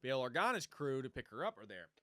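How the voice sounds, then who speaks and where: A man co-hosting a podcast, chatting casually and animatedly about a TV show, jumping into quick character impressions. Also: mid-range voice, sing-song, pushed and bright, no echo, studio quality. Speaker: podcast co-host. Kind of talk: casual chat recapping a TV show.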